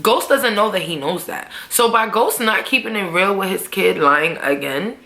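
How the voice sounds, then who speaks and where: A young woman breaks down a TV episode in casual, slang-heavy talk, swearing and scolding the characters as she goes. Her voice is bright and lively, jumping up and down in pitch. The room around her rings with echo. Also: normal speed, creaky. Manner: animated, swearing, slangy, talks back to characters. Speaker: vlogger reviewing a TV episode. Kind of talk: casual recap with acted quotes. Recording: echoey room.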